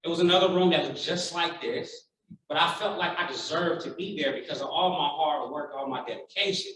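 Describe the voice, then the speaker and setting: A man's voice: a little high, a little fast, a little hiss or hum. A man in his thirties giving a keynote speech to a large room, telling a personal story with feeling and acting out what people said. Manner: heartfelt, animated storytelling with acted-out quotes. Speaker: keynote speaker. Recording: very echoey hall, voice from far off.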